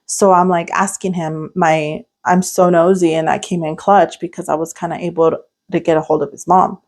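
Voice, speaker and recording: A woman's voice: fairly low pitch, flat delivery, moderate pace, darkish tone. Young woman podcast host rambling thru a story, lots of like and um. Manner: rambling, many "like" fillers and restarts. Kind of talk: casual storytelling chat.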